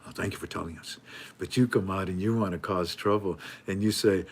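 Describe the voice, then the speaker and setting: A man's voice: a little fast, slightly rough. A man hosting his channel, reading news articles aloud with casual, mocking commentary and frequent laughs. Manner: joking, mocking, laughs often, acts out officials in a high voice. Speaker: host.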